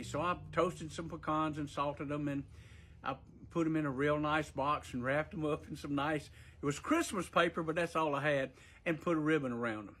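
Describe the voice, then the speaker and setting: A man's voice: fairly high pitch, moderate pace, fairly bright tone, husky. A man casually telling a personal story in a folksy way, with fillers and chuckles.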